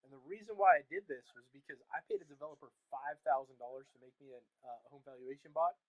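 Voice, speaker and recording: A man's voice: on the high side, animated, no room sound, highs cut off. A man telling stories as a guest in a casual interview, candid and often laughing, on a video call. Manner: rapid, laughing, candid storytelling. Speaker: guest, chatbot course creator.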